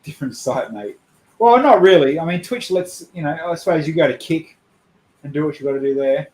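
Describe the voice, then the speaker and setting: A man's voice: a little high, expressive, brisk, darkish tone, reverberant, poor audio. A young man hosting a casual livestream, blunt and sweary, joking as he goes. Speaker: streamer host.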